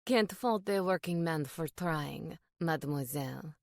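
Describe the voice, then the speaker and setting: Casting note: a woman doing a smooth-talking French male photographer, sly, low and unhurried. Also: animated, dry recording, studio quality, exaggerated voice. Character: charming French male paparazzo, smooth, teasing.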